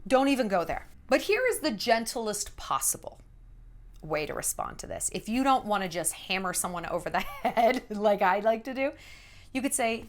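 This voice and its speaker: A woman's voice: mid-range voice, moderate pace. A woman in her thirties giving blunt, sassy dating advice in a casual vlog monologue. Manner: blunt, sassy, animated storytelling.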